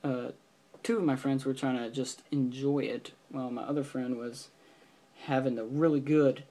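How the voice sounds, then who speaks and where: A man's voice: mid-range voice, fairly even intonation, moderate pace, mellow. A teenage boy telling a story in a casual vlog, rambling with lots of fillers and restarts. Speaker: vlogger.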